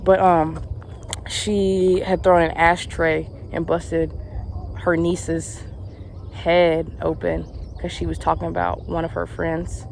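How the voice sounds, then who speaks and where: A woman's voice: lowish voice, level tone, slow, creaky, a little mellow, slight background noise. A young woman with a Southern American accent, chatting casually outdoors in a rambling vlog story. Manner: rambling, chatty, many restarts and fillers. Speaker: vlogger, camp counselor. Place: outdoors, rural, in the sun.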